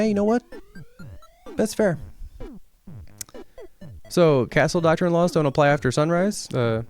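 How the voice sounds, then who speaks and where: A man giving a sarcastic, profane comedic rant, arguing back and forth with imagined hecklers and building to heated indignation. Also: medium pitch. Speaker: political comedy essayist.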